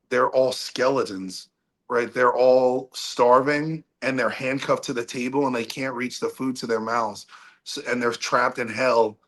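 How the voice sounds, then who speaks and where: A man with a mid-range voice, a rock singer talking as a podcast guest. He tells a long story in a casual, animated way, restarting his sentences often. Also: mid-range voice.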